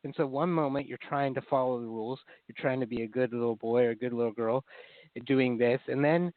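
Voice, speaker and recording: A man's voice: mid-range voice, steady tone, fairly quick, no room sound, narrow, tinny audio. A man speaking as a therapist guest in an interview, explaining ideas in an earnest way and acting out inner critical voices.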